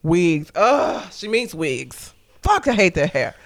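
A woman's voice: lowish voice, sing-song, takes it slowly. A woman co-hosting a casual podcast, recapping a movie plot in a blunt, profane, joking way. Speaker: podcast co-host.

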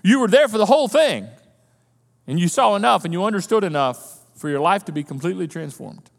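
A man preaching a sermon, conversational and animated as he acts out the disciples' panic. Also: high voice, fairly quick, creaky, in a large hall. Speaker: pastor.

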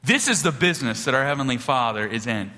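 Man, pastor, sermon in a big reverberant hall; bright, lively pitch, animated storyteller. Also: quick pace. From small-town rural upbringing. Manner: animated storytelling, swings between loud punchlines and hushed low passages.

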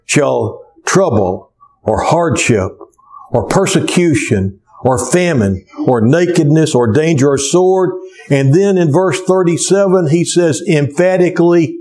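Slow, emphatic male preacher. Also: a little high, lively intonation, warm tone. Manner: emphatic, rising and falling preaching cadence. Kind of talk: sermon.

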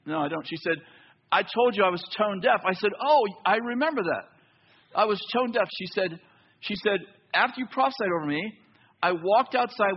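A man preaching a sermon in a church, telling a story with lively back-and-forth dialogue. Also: high-pitched, muffled recording. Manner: animated storytelling, acts out both sides of dialogue. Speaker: pastor.

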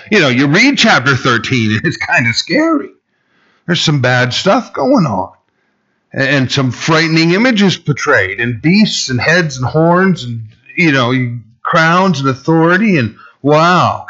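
A man's voice: a bit bright, lo-fi sound. Man preaching in a casual, rambling way. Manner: casual and rambling, heavy fillers, rises in pitch for emphasis. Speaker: pastor. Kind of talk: conversational sermon.

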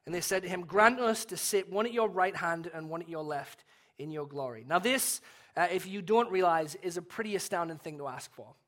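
A young adult man with an English accent, preaching a sermon in a relaxed, conversational, storytelling way with self-deprecating humor. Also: sits high, a little fast. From England. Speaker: pastor.

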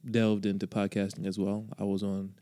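A man's voice: lowish voice, completely flat delivery, moderate pace, dark tone, no room sound. A man, a podcast guest and content creator, speaking articulately with wry humor. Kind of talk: casual chat.

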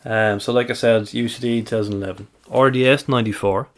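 A man on a casual podcast, working through a list of figures, dates and records. His voice sits in a middling register, and he talks at an even, methodical pace. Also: medium pitch, quick pace. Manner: reels off stats and dates, methodical. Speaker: podcast co-host, stats presenter.

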